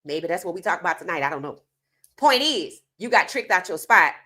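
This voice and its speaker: Speaking a little fast in a lowish, sing-song voice that's pushed and bright, a woman hosts an opinionated sports commentary monologue. Her delivery is casual and emphatic, full of rhetorical questions fired at viewers.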